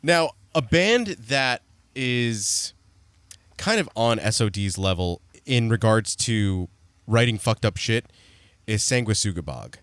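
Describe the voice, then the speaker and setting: A man co-hosting a podcast, laid back, chiming in with quick agreement and easy chat. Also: on the low side, lively intonation, a bit bright, clean tone, dry recording. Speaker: podcast co-host. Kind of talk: casual chat about music.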